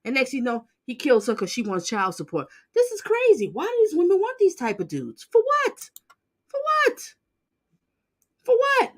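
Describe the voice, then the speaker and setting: A woman hosting a channel, reacting bluntly and loudly to court clips in casual commentary. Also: sits high, fairly quick, few pauses. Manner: animated, exclaiming, sassy and blunt.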